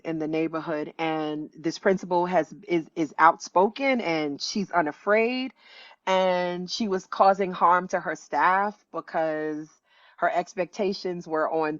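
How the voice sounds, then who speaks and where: Guest storyteller: woman, fifties, lower-pitched voice, dry slightly muffled sound, animated and earnest. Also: no echo. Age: 50s. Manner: animated, acts out quoted voices with pitch jumps, many restarts. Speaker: author and educator, guest. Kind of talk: conversational storytelling.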